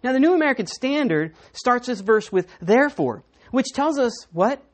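Lively-voiced woman preaching a sermon. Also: a little high, moderate pace. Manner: conversational teaching, asks the congregation questions. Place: church.

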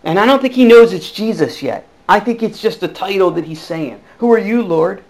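A man preaching a sermon as pastor, earnest, dropping to hushed tones and rising to emphatic bursts. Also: sits high, expressive, fairly quick, low-quality recording.

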